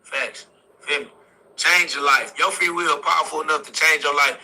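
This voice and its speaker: Bright, gravelly young man preaching. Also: fairly high pitch, steady tone, moderate pace, low-quality recording. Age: young adult. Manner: repetitive exhortations punctuated with "facts". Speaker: motivational speaker. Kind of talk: impassioned street-style preaching.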